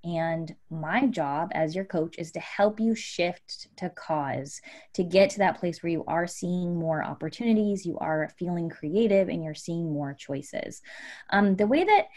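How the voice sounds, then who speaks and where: A woman life coach explaining ideas to her guests with lively examples. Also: lowish voice, unhurried. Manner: animated, teaching with examples.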